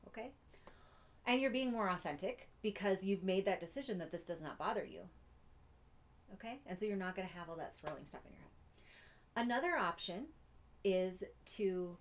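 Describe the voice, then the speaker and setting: A woman giving an earnest teaching talk, pausing often to check in with her listeners. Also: fairly low pitch. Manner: earnest, keeps checking in with "Okay?". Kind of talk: teaching monologue.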